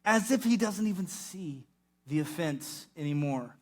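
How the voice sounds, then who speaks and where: High-voiced man preaching a sermon. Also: measured pace. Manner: animated, acts out quoted voices. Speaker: pastor.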